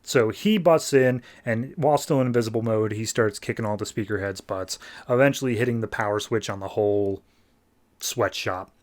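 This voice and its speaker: A man's voice: lowish voice, normal speed. A man hosting a podcast, recapping a story in a loose, rambling way. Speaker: podcast host. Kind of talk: casual comic recap.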